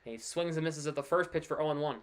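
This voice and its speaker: Speaking fast with a fairly high-pitched voice, a man streams a baseball game and calls the action live in a casual way. He's chatty, gets excited about big plays, and tosses out offhand asides.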